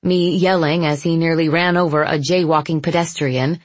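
A woman reading a first-person novel as an audiobook narrator, measured and even. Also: deep voice, no room sound.

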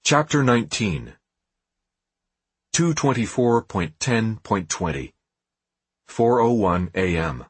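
A man reading an audiobook in a dramatic, expressive scripted narration. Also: on the low side, slow, long pauses, breathy edge, no room sound.

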